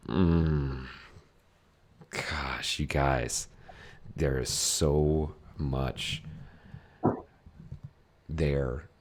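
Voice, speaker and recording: A man hosting a casual podcast chat, talking in an animated way with many restarts. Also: very deep voice, drawn-out words, pauses often. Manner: animated, many restarts, acts out worried thoughts. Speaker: podcast host.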